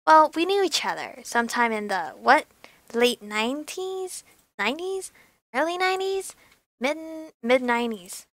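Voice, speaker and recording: A woman voicing a sly young sorceress who cursed men, reading game dialogue aloud in a calm, probing way. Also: a little high, moderate pace, no room sound. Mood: storytelling. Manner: calm, cool, probing questions.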